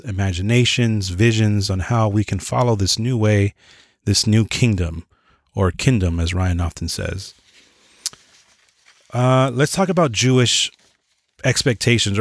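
A man's voice: on the low side, no echo, studio quality. A man teaching a Bible lesson, reading from notes in an earnest way, sometimes stumbling and correcting himself, with casual asides.

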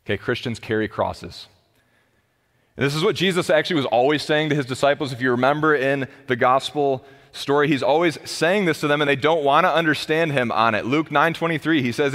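A man in his thirties preaching a sermon as pastor, impassioned, rising to loud pleas and dropping to low, quiet emphasis. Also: brisk. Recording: long hall reverb.

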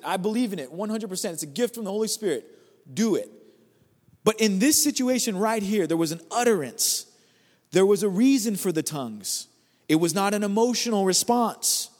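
A man preaching as a guest speaker at a church service, talking in an energetic, conversational way and repeating phrases for emphasis. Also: sits high, big-room sound. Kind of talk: sermon.

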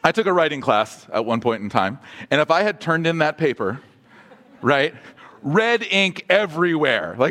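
A man's voice: on the high side, very animated, moderate pace, fairly bright tone. A man preaching a sermon as pastor, asking the congregation questions and dropping humorous asides.

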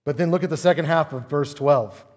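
A man preaches with a fairly high voice that rings out through a hall with long reverb. He talks animatedly, asking rhetorical questions and hammering his points with drama. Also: brisk, a little mellow. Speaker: pastor. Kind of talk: sermon.

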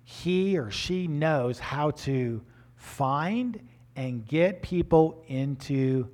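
An older man preaches with a slightly raised pitch. He tells his story in an animated way and often restarts his words. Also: very slow. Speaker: pastor. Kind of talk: storytelling sermon.

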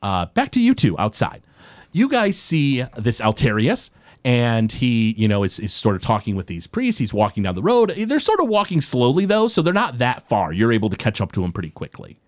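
A man's voice: mid-range voice, wildly swooping pitch. A man running a tabletop game as game master, narrating casually with frequent halts. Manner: casual, halting, with many restarts.

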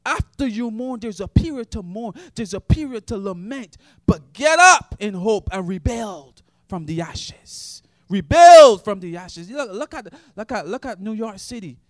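A man preaches with fervor, his voice sitting very high for a man. He swings from ringing shouts of praise down to low, hushed stretches. The sound is close and dry, with no room around it. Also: lively intonation, unhurried, dry recording. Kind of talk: sermon.

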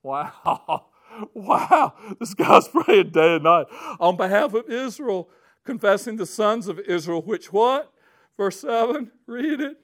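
A man preaching a sermon, reading scripture aloud with slow emphasis and swinging from hushed tones to near-shouting fervor. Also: extremely high pitch, expressive.

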